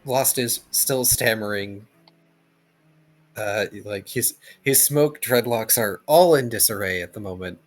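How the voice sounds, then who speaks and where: Man, tabletop player narrating his character; low pitch, very slow, hesitant.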